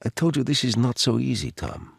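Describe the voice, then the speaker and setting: Guy doing a thirtysomething woman, light eastern european accent, teasy and guarded, bit husky. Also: mid-range voice, huge pitch swings, a little fast, dry recording, clean studio sound, heavily acted. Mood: tense. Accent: light Eastern European (acted).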